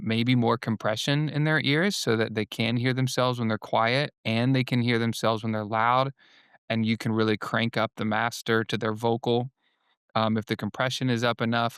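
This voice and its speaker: A man's voice: medium pitch, a bit bright, smooth, dry recording, studio quality. A man, a guest singer and worship leader, talking in a loose, rambling way full of fillers and quoted asides. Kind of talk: casual podcast conversation.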